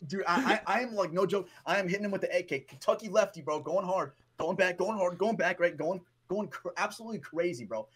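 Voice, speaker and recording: A man co-hosting a podcast, telling a story in a lively, profane way and often adding "right?" and "bro". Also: high voice, quick pace, few pauses, husky. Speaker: podcast co-host. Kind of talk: casual storytelling chat.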